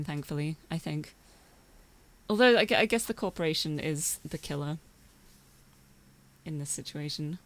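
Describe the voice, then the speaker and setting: A woman streamer chatting casually while playing a game, giggly and expressive, often jumping up high when excited.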